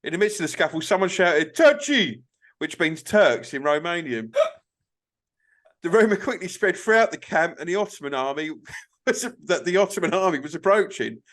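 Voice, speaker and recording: A young man co-hosting a casual chat, talking in a fairly high voice. He swears freely and stumbles through a read-aloud with little chuckles. The talk is loose and informal. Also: lively intonation, a bit bright. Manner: sweary, laughing, reads aloud haltingly. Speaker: podcast co-host.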